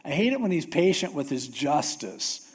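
A man's voice: a little high, big pitch swings, moderate pace, breathy edge. A man preaching a sermon in a conversational, storytelling way, with humorous asides. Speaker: pastor.

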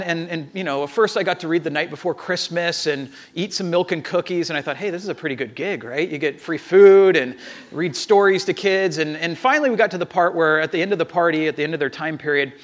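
A man giving a sermon, telling a personal story with animated acted-out dialogue and frequent restarts. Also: on the high side.

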